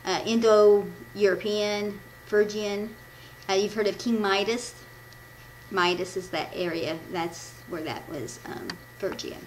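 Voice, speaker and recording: A woman's voice: medium pitch, steady tone, slow pace, rough recording. Woman from the us midwest doing a church devotion, rambly, keeps fixing her own slips, faint hum behind. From Midwestern United States. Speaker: devotional speaker. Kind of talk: informal church devotion, reading notes.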